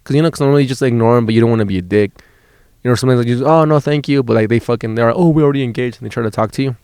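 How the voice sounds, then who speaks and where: A man's voice: medium pitch, steady tone, very fast, a little mellow, smooth, dry recording, clean studio sound. A man, a stand-up comedian on a road trip, telling a rambling story in a casual, profane way, often restarting his words and laughing as he goes.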